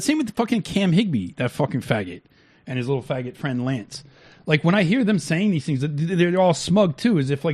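A man's voice: a little high, big pitch swings, brisk, darkish tone. A man co-hosting a talk stream, reacting to clips in blunt, crude, heated talk with many restarts. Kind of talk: casual profane commentary.

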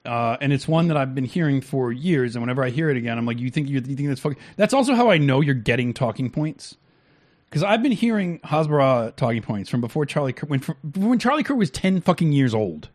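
A man's voice: mid-range voice, very animated, a little fast, darkish tone. A man co-hosting a talk stream, reacting to clips in blunt, crude, heated talk with many restarts. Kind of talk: casual profane commentary.

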